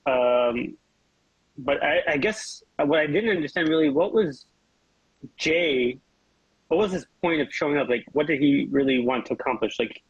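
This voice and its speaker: A podcast co-host, a man with a husky, slightly high voice, thinking aloud in casual chat. His sound is dull and dry, as from a lo-fi remote line. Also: animated, moderate pace, no echo.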